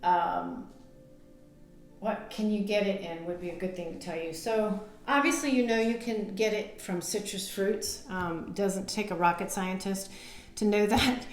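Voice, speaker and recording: A woman nutrition coach chats to camera about health, loose and talkative, with plenty of ums and self-deprecating laughs. Her voice sits at a middling pitch. The room around her rings with echo. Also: measured pace. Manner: chatty, many fillers, laughs at herself. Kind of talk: casual on-camera health advice. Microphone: camera mic.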